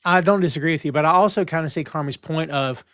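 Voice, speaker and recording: A man co-hosting a casual TV recap podcast, retelling scenes and acting out the lines in a lowered voice. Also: fast, fairly bright tone, no room sound, studio quality. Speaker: podcast co-host.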